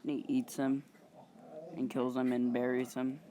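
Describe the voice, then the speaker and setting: A male channel host casually improvising a story, halting and rambling with many fillers and some mild swearing. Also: mid-range voice, completely flat delivery, dark tone, slight background noise.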